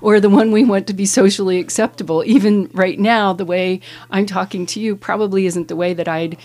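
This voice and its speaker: A woman from Ohio, an English professor, answering interview questions in an explanatory, measured way with frequent "um"s. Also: medium pitch, fairly even intonation, darkish tone.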